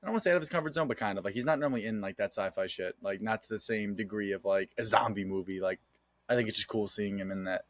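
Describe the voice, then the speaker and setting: A man's voice: on the low side, quick pace, no echo. A young man co-hosting a podcast, chatting loosely about movies with lots of "like" fillers and swearing. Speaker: podcast co-host. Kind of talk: casual movie chat.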